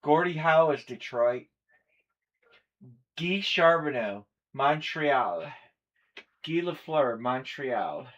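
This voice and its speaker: A man's voice: a little high, lively intonation, takes it slowly, long pauses, a bit bright, lo-fi sound. A man hosting a live collectibles stream, chatting casually and running through a list of players and teams. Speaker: stream host. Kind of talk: live breaking stream chat.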